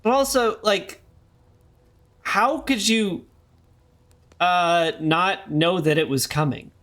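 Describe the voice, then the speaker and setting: A young man streams a horror game live, joking and rambling as he reads the game's text aloud. His voice is high and a bit bright, and he speaks slowly.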